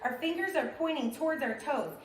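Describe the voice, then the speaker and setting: A woman's voice: high-pitched, lively intonation, fairly quick, echoey room, slight background noise. A woman leading a children's yoga class, coaching the kids in an upbeat, sing-song way.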